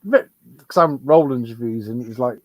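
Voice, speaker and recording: A man, a guest on a live stream, talking in an animated way with stumbling restarts. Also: medium pitch, normal speed, dry recording. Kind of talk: casual chat.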